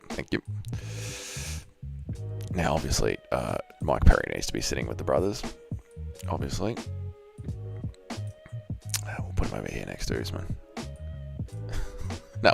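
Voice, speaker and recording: A low-voiced Australian man talks loosely and profanely to his livestream chat. His voice is deep and gravelly, with faint music underneath. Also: big pitch swings, measured pace, pauses often. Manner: crude, profane banter, reads out chat. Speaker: streamer.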